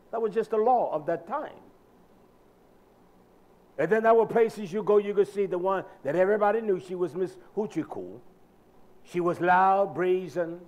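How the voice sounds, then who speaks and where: A man preaching a sermon, emphatic and addressing his listeners directly, swinging between soft and loud delivery. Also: high-pitched.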